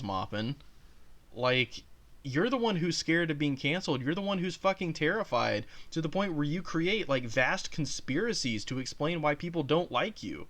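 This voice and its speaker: A man's voice: fairly high pitch, fairly bright tone. A man hosting a reaction video, talking casually, swearing and defiant. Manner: profane, sarcastic, defiant. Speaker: YouTube host.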